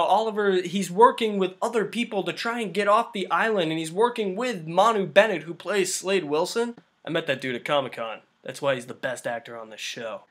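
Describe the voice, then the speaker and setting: A man's voice: high voice, a bit bright. A man giving a casual, rambling review of a TV season, full of fillers. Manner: rambling, filler-heavy, lots of "like". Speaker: show reviewer.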